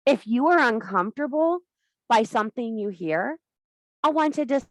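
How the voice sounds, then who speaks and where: A woman's voice: fairly high pitch, animated, normal speed, no room sound. A woman giving an impassioned, blunt and profane talk to a women's circle as a spiritual teacher. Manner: blunt, profane, emphatic preaching.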